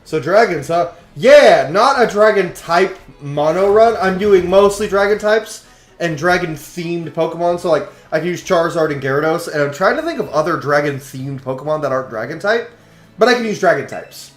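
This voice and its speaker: A man giving jokey, excitable commentary while playing a video game, now and then swearing. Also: a little high, normal speed. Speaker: let's play host. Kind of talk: casual gameplay commentary. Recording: roomy echo, faint game music. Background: faint game music.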